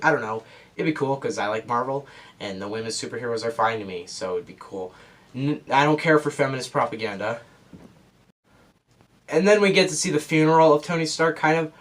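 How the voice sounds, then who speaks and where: A man's voice: a little high, fairly bright tone. A man casually recapping a movie plot for a review, rambling and filling his sentences with "like" and "kinda". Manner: rambling, heavy use of "like" and "kinda".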